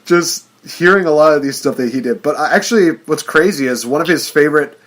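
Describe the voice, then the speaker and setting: A man's voice: fairly high pitch, a little fast, a bit bright, a little hiss or hum. A man hosting a casual podcast chat, steering the talk, laughing often and using lots of fillers. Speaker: podcast host.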